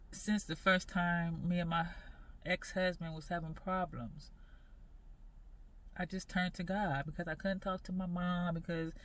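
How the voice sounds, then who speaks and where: A woman in her forties talking earnestly in a personal faith vlog, halting and repeating her phrases as she goes. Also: fairly low pitch. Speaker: vlogger.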